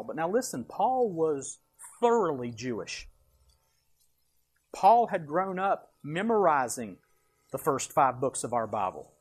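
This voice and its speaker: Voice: mid-range voice, very animated, slow, long pauses, slightly rough. A preacher giving a verse-by-verse sermon with slides, emphatic, asking rhetorical questions and answering them, with folksy asides.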